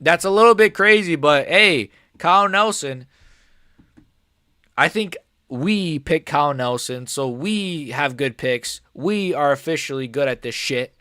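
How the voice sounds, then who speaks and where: A young man streaming a live MMA reaction, excitable and swearing, calling everyone "bro" and swinging between shouted outrage and quiet muttering. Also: fairly high pitch, measured pace, clear, resonant tone, dry recording, clean studio sound. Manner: excitable, swears a lot, says "bro" often. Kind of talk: live fight reaction commentary.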